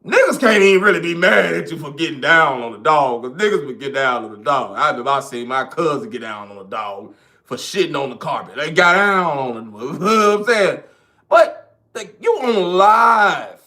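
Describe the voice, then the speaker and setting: A man's voice: fairly high pitch, expressive, brisk, sharp tone. A man ranting in casual, profane, emphatic commentary straight to his viewers. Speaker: online commentator.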